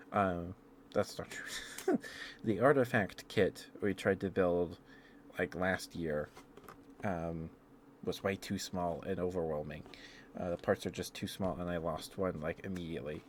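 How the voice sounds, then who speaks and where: A very low-pitched man chatting on a live stream. He talks in an excitable, rambling way, with many fillers and quick little laughs. He stays friendly with the viewers, with a faint hiss behind him. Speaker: ASMR streamer. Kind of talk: casual live-stream chat.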